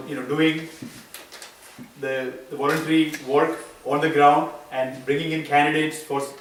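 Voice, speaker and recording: Accented middle-aged man, campaign speech, slightly higher voice, halting with fillers, echoey living room, mic set far off. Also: slight background noise. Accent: non-native English accent. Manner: earnest, self-deprecating, halting with fillers. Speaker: school board candidate. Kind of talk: campaign meet-and-greet speech. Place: living room of a private home.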